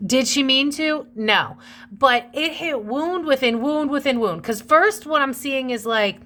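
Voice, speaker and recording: A woman's voice: high-pitched, a little slow, pushed and bright. A young woman hosting a casual tarot reading, chatty and gossipy, calling her viewers besties. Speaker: tarot reader and channel host.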